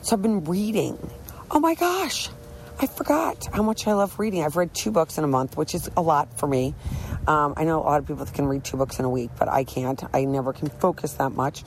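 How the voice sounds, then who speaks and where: A woman's voice: sits low, a little fast, a little hiss or hum, rough recording. A middle-aged woman talking candidly about her recovery from drinking, earnest and rambling, often restarting her sentences. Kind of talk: candid personal monologue.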